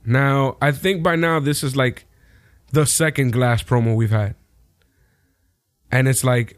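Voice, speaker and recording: A young man co-hosting a podcast, talking in loose, profane, joking banter. His voice sits at a middle pitch. The sound is dry, with no room echo. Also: fairly even intonation, measured pace, long pauses. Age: young adult. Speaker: podcast co-host. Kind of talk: casual chat.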